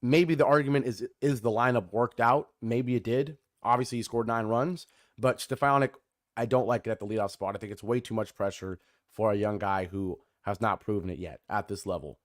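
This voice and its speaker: Young male sports podcast host, lively and chatty, often corrects himself, dry close sound. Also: lowish voice, brisk, dry recording. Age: 20s. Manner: energetic, chatty, often addresses listeners as folks; restarts and corrects himself mid-sentence. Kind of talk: solo sports podcast commentary.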